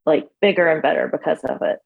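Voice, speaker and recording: Husky low-voiced woman therapist. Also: fast, phone-quality sound. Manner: candid, reassuring, laughs easily. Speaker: therapist guest. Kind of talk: casual podcast chat.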